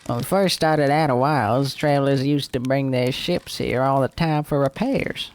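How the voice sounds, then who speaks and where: A lonely alien lookout keeper talks in a slow, rural drawl, voiced by a man reading game text aloud. The tone stays dry and wry. The voice sits at an ordinary middle pitch for a man. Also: natural voice. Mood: chatty. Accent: put-on rural drawl.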